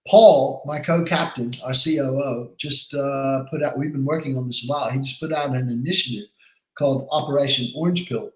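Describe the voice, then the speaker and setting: An American man, a company head, talking with energy and fire as a guest in a casual podcast chat. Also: medium pitch. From United States. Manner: energetic, fiery, fast-talking. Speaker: exchange CEO guest. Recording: roomy echo.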